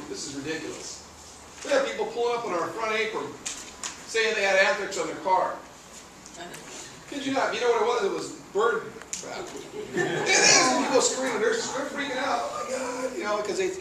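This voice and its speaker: A man's voice: sits high, sharp tone. A male firefighter instructor, giving a casual training lecture, chatty and full of anecdotes and questions to the class. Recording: echoey room, voice from far off, faint noise.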